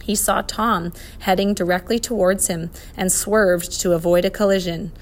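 A woman reading a children's adventure story aloud, expressive and lively. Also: medium pitch, moderate pace. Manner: expressive, voices the characters. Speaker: narrator.

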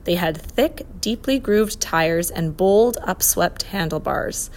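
A woman narrating a children's storybook in a clear, even storytelling manner. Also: fairly low pitch, slow pace. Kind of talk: storybook reading.

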